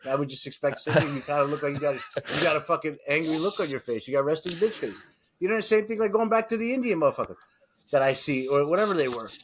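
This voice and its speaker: A man from New York co-hosting a podcast, telling stories in a loose, profane, animated way. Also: fairly high pitch, quick pace, slight background noise. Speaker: podcast co-host. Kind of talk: casual podcast chat.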